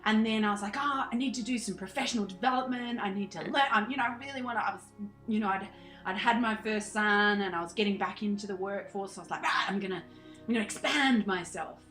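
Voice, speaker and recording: A woman's voice: medium pitch, quick pace, a bit bright, roomy sound, soft background music, poor audio. An Australian woman in her thirties, a podcast guest chatting animatedly, laughing often and acting out her past self. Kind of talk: casual interview chat.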